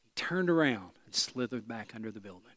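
An East Tennessee pastor preaches a sermon full of animated storytelling, self-deprecating humor and emphatic repetition. He has a medium-pitched male voice, talks a little fast, and the recording is dry.

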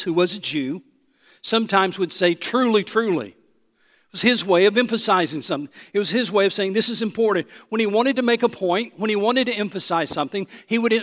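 A male pastor preaching a sermon, swinging from loud proclamation to soft, intimate asides. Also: high-pitched, expressive, fairly quick, long reverb tail.

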